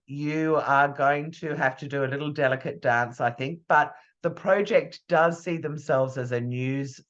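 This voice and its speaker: Chatty PR coach on a call. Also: male voice, fairly high pitch, a bit bright. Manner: chatty, hesitant, thinks aloud with fillers and restarts. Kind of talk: live online masterclass Q&A. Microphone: video call. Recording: lo-fi video call audio.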